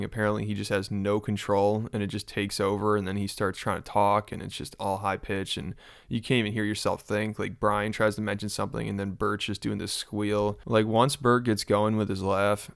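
Gravelly low man, dry commentary. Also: a bit bright, dry recording. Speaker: YouTube commentator. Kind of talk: casual reaction commentary.

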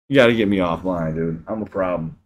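A man casually chatting on a livestream while high, swearing a lot and reading chat aloud. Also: creaky, a little mellow. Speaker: live streamer.

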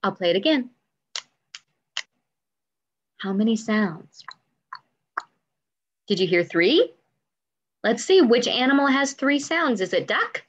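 A woman teaches young children music over video, stretching words into slow, bouncy syllables. Her voice sits a little high and leaps up and down, kept unhurried for little listeners. The audio is a bit dull, like a simple camera mic. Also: lively intonation. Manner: sing-song, drawn-out syllables, encouraging questions.

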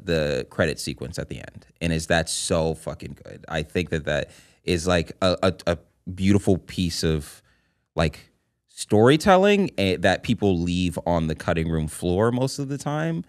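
A man's voice: sits low, expressive, measured pace. A man co-hosting a film podcast, chatting enthusiastically, swearing casually and restarting his sentences. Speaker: podcast co-host. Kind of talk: casual chat.

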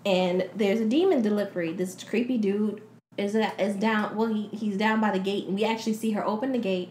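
A woman's voice: medium pitch, fairly even intonation, brisk, a little mellow. A woman hosting a podcast, giving a casual movie recap and acting out the characters' lines as she retells the plot. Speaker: podcast host. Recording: echoey room, faint background hiss.

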